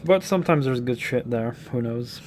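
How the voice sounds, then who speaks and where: A man streaming a game, muttering and swearing as he thinks out loud about upgrades. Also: mid-range voice, lively intonation, normal speed, soft background music. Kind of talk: casual gameplay commentary.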